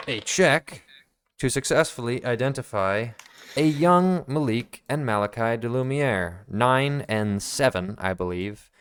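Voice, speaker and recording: Smooth-voiced man narrating a tabletop game. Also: medium pitch. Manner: casual, rambling with fillers. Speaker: game master.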